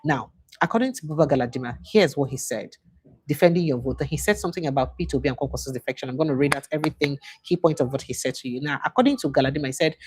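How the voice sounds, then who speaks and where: A woman's voice: sits low, quick pace, darkish tone, slightly rough, dry recording. A Nigerian woman hosting a casual livestream commentary, chatty and switching between English and Pidgin.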